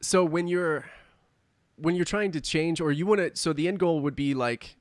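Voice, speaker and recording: A man's voice: a little high, normal speed, no room sound, clean studio sound. A man hosting a casual podcast interview, summing up points and asking questions. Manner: relaxed, summarizing and asking questions. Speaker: podcast host.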